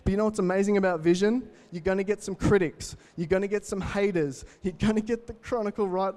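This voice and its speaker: A young Australian man in his twenties gives an energetic motivational keynote talk, telling stories and addressing the audience directly. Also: sits high, fairly quick. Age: 20s. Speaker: keynote speaker.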